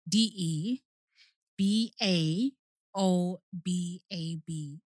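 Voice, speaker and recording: A young woman chatting as a co-host, relaxed and quick to laugh. Her voice sits a little low, and the sound is dry and close, with no room around it. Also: no echo. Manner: chatty, laughs easily, spells out names. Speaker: podcast co-host. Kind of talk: casual chat.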